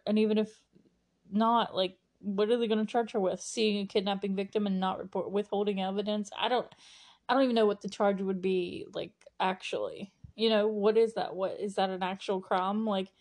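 A woman's voice: mid-range voice, a little mellow. A young woman hosting a solo podcast, recapping a TV episode in a rambling, giggly way with lots of fillers and restarts. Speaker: podcast host recapping a TV show. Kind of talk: casual solo recap chat.

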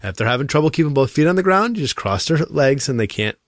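A man who coaches youth soccer, chatting casually and telling an animated story, acting out other people's lines. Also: fairly high pitch, quick pace, dry recording, clean studio sound. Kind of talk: casual chat.

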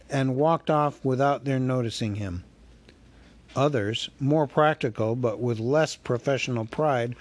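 A man reading a story aloud as narrator, with measured, wry storytelling. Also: mid-range voice, darkish tone. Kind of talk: audiobook reading.

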